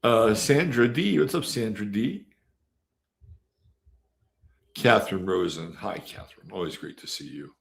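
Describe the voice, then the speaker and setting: Speaking at a moderate pace in a lowish, gravelly, expressive voice, an astrology show host chats loosely during a live stream. He reads out the names of viewers, leans on fillers, and abruptly gets louder at times.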